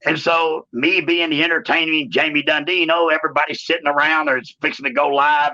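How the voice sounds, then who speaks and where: A man, telling stories in a shoot interview in a drawling, animated way and saying "man" often. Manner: animated storyteller, acts out quotes in a higher voice. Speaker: interview guest, former wrestler. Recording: dull lo-fi sound.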